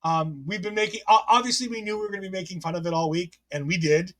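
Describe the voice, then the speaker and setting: Male podcast host, high voice, loose chatty recap delivery with frequent self-corrections. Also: fast. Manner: chatty, self-correcting, reads listener comments aloud. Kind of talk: casual wrestling recap chat.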